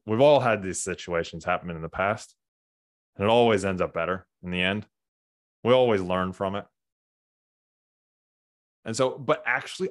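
A man, a burnout coach being interviewed, talking candidly and earnestly in quick animated bursts. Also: fairly low pitch, no room sound, clean studio sound. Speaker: burnout coach, podcast guest. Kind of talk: candid conversational storytelling.

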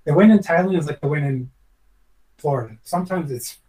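A man's voice: fairly high pitch, fairly quick, warm tone, recorded from a distance, rough recording. A former chef, a man, telling a long personal story in a podcast interview, reflective and earnest, rambling with many restarts.

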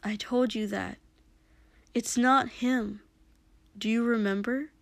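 A woman voicing a calm, serious teenage boy who speaks quietly and firmly. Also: a little high, takes it slowly, vocal fry, no echo. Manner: quiet, firm.

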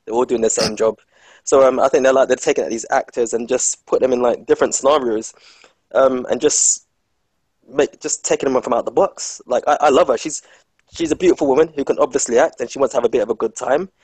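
A man's voice: medium pitch, steady tone, a little fast, a little mellow, no echo. A man in casual film chat, rambling and joking with lots of fillers.

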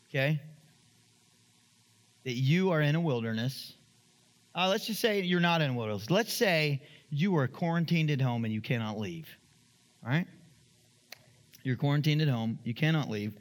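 A man preaching a sermon as pastor in a church, animated and acting out the voices of the people in his story. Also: normal speed, pauses often, big-room sound. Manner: animated, acts out quoted voices, rises to high emphatic pitch.

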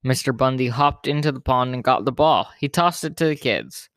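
Guy reading a kids storybook out loud, steady plain delivery, dry close mic. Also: medium pitch, moderate pace, no room sound. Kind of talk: reading a children's story aloud.

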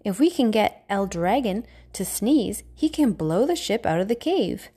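A woman's voice: mid-range voice, big pitch swings, measured pace, mellow, breathy edge. A woman voicing a cheerful, brave young girl explorer in a storybook reading, eager and exclaiming.

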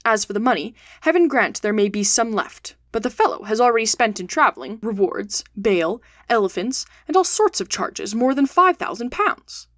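A woman reading the part of a cool, calculating male detective in a storybook, speaking in a cold, measured way. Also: fairly high pitch, sing-song, no echo, clean studio sound. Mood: calm.

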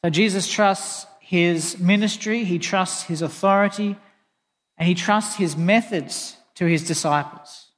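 A man with a high-pitched voice delivers an earnest sermon, mixing scripture quotes with a plain personal story. His voice carries a long reverb, as if he is in a large hall. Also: measured pace, a bit bright. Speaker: pastor.

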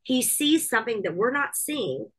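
A woman's voice: a little high, very animated, normal speed, husky, poor audio. A woman hosts a podcast in a casual, chatty voice. She talks emphatically and restarts and repeats her words as she works through a thought. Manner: emphatic, repeats herself while thinking aloud. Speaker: podcast host. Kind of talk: casual chat.

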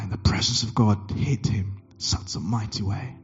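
A man preaching a sermon, telling a story and acting out the dialogue with big jumps in pitch. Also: expressive, moderate pace, a little mellow, slightly rough, lo-fi sound, faint music behind. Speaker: pastor.

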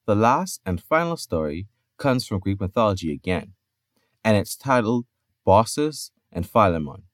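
A man hosting a podcast, narrating myths with expressive storytelling and playful asides. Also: fairly low pitch, moderate pace, dry recording, studio quality.

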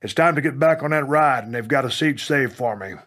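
A man from Texas narrating his own memoir as an audiobook, in a gruff, plainspoken storytelling way with some mild cursing. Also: mid-range voice, brisk. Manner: punches up quoted lines with loud bursts.

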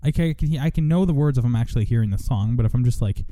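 A man's voice: medium pitch, lively intonation, racing, hardly any pauses, warm tone, dry recording. A young man hosting a radio show in casual chat, rambling and self-mocking, now and then breaking into joking country singing.

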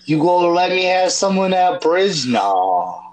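A young American man from Delaware co-hosting a casual gaming podcast, profane and giggly, jumping into squeaky voices. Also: sing-song, unhurried, a crowd in the background. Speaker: podcast co-host.

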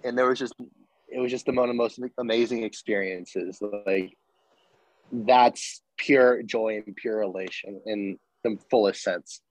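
A young man, a former college football walk-on, telling a story as a podcast guest in a loose, animated way, swearing freely and restarting sentences. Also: on the low side, unhurried, no echo, poor audio. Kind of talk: casual interview storytelling.

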